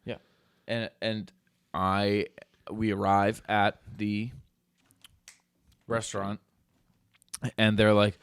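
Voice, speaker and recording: A young man in casual podcast chat, retelling a story with animated, loud acted-out bursts. His voice sits on the low side and is recorded close and dry, with no room sound. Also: slow pace, long pauses, smooth, dry recording. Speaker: podcast co-host.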